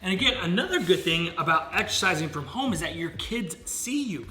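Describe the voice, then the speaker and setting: A man's voice: high-pitched, big pitch swings, brisk, noisy background. A man coaching fitness in a casual home vlog, upbeat and talking straight to the viewers. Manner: upbeat, coaching, keeps calling viewers guys. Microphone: camera set up nearby.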